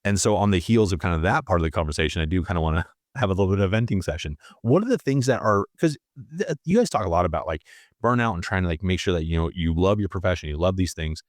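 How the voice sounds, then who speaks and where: A man's voice: sits low, animated, fast, dry recording, clean studio sound. A man hosting a casual podcast chat, thoughtfully asking his guests open questions. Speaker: podcast host.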